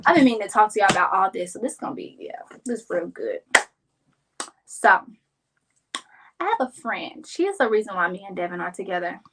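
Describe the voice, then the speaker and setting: A young woman from Kansas City chatting casually to her viewers, telling a story and acting out her friends' lines in a higher voice. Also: big pitch swings, brisk, long pauses, noisy background. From Kansas City, Missouri. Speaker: vlogger. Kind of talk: casual storytelling while crafting.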